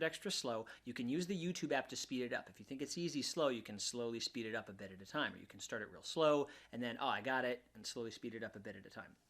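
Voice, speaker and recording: A man teaching ukulele in a relaxed, casual way, often restarting his words and counting beats aloud. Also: medium pitch. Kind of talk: casual instructional talk. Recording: ukulele music under voice. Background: ukulele playing.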